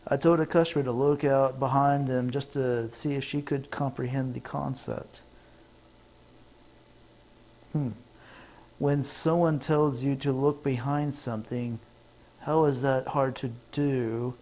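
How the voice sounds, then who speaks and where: A man's voice: fairly even intonation, measured pace, a little mellow, poor audio. A man telling rambling jokes to his stream camera from a home setup, laughing at his own punchlines. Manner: rambling, laughs at own jokes, puts on squeaky voices for callers. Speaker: comedian streamer. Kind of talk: casual stand-up rambling to camera.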